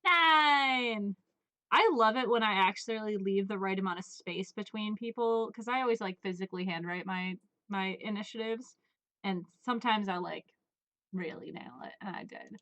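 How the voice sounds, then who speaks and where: A woman's voice: medium pitch, moderate pace, sharp tone. A woman narrating a tabletop game as game master, chatty, with many fillers and laughs.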